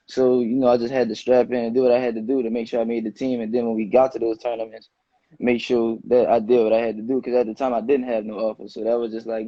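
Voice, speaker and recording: A young man in his late teens, a high school football player, answering interview questions in a relaxed, slangy way. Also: no echo. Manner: relaxed, loose slangy phrasing with many "you know"s. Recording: dull, muffled dry sound.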